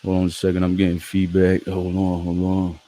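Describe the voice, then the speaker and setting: Low-voiced stuffy-nosed male livestream host. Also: monotone, fairly quick, dark tone. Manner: greets chat viewers by name, slangy. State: stuffy nose, throat catching. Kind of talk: casual live commentary.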